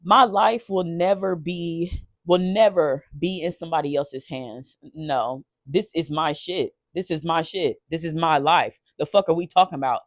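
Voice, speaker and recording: A man telling a painful personal story off the cuff, emotional and halting, swearing and restarting often. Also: fairly high pitch, no room sound, clean studio sound. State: shaken while recounting.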